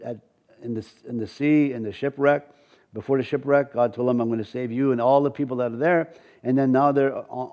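A warm, medium-pitched male voice belongs to a pastor with an Ojibwe accent. He delivers a sermon and scripture readings in a halting way, full of restarts and fillers.

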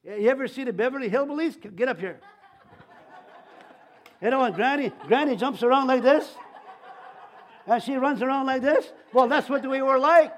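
High-voiced older man preaching, stammering restarts. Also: moderate pace, pauses often. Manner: testimony-style preaching with many restarts and stammers. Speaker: pastor. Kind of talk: sermon.

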